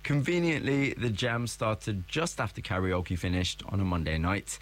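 A man's voice: fairly low pitch, animated, normal speed. A male presenter giving scripted narration and asking a guest questions.

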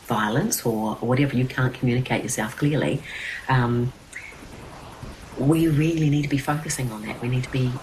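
A middle-aged woman from New Zealand, a children's TV presenter and producer, speaks earnestly as a guest in an interview conversation, with many fillers and restarts. Her voice is very deep and darkish in tone. The audio is poor, with slight background noise.

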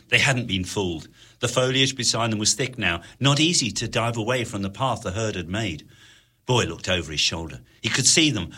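A man reading an adventure audiobook with a lively, swinging delivery. His low voice is bright and husky, pressing dramatic moments. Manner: expressive, dramatic storytelling. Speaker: narrator. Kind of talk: audiobook narration.

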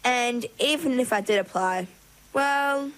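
A woman's voice: fairly high pitch, takes it slowly, fairly bright tone, pitched above the performer's own voice, low-quality recording. A woman voicing a reluctant young mergirl in a storybook reading, with a grumbling manner.

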